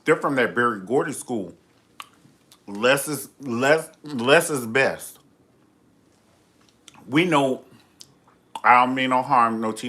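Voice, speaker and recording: A man's voice: medium pitch, sharp tone. A man hosting a live reality TV review, talking in a sassy, campy, gossipy way. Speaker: host of a live review show.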